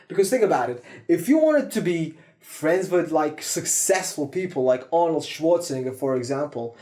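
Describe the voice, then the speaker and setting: Man, fairly high voice, self-improvement vlogger, swearing, rambling, loud bursts then quiet asides. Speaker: self-improvement video host. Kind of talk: casual monologue to camera.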